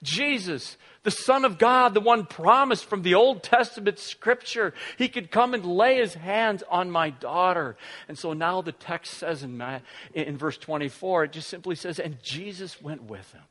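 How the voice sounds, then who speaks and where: A man's voice: high-pitched, fairly bright tone, long reverb tail. A middle-aged man preaching a sermon, telling a family story with many restarts and fillers. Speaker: pastor.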